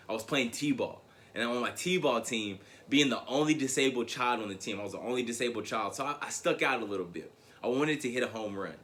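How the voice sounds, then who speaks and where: A man from Tennessee, giving a convention keynote as a motivational speaker and telling a story with animated swings between loud and hushed delivery. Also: medium pitch.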